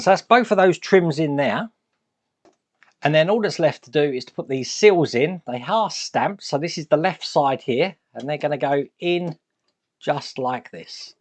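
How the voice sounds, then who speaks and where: Upbeat male hobby host talking through a kit build, fairly high voice with animated pitch. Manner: chatty, upbeat, laughs at the model's size. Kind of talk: step-by-step build commentary.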